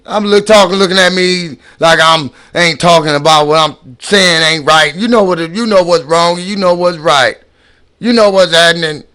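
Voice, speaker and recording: A man's voice: on the high side, normal speed, bright, forceful tone. Emphatic man ranting in slangy talk. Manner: emphatic, repeats and restarts words, slangy. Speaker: vlogger commenting on videos. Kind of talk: casual ranting commentary.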